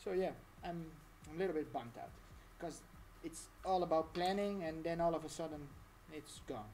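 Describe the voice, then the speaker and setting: A woman's voice: deep voice, moderate pace, mellow, a little hiss or hum. A woman talking through a casual live-stream tutorial, chatty and rambling, laughing often.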